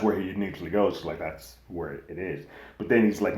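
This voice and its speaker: Deep-voiced man recapping a TV episode. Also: fast talker. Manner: slangy and animated, acting out quotes loosely. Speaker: TV recap host. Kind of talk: casual episode recap and review. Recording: echoey room.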